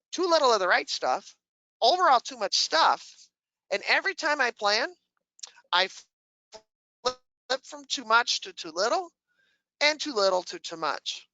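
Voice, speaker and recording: A woman's voice: mid-range voice, bright, forceful tone, no echo, rough recording. A woman giving a webinar presentation who asks the audience questions and answers them herself, with dry humor.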